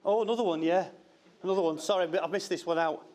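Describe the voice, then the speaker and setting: Jokey middle-aged dad giving a toast. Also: male voice, high-pitched, fast, a little mellow. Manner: jokey, teasing, self-interrupting. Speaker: father of the bride. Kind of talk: wedding speech read from notes.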